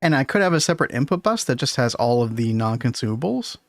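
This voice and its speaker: A man's voice: mid-range voice, big pitch swings, quick pace, no room sound. A man hosting a casual game stream, thinking aloud and chuckling often.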